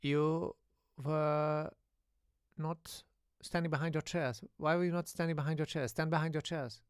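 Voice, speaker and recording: A man's voice: a little high, steady tone, unhurried, smooth, no echo, studio quality, close to an everyday voice. A man voicing a strict male teacher, barking clipped orders. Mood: stern.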